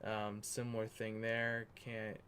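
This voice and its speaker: A man's voice: lowish voice, completely flat delivery, slow pace, very noisy. A man hosting a livestream, chatting casually in a rambling, self-correcting way while he works on a document. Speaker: livestream host.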